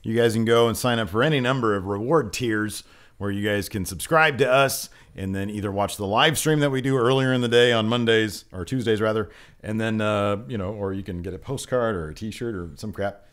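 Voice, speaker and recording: A man with a lowish voice hosts a casual wrestling podcast. He talks in a loose, jokey way and rambles into asides. He sounds relaxed and unscripted. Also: brisk. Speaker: podcast co-host. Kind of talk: casual wrestling review chat. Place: home podcast set.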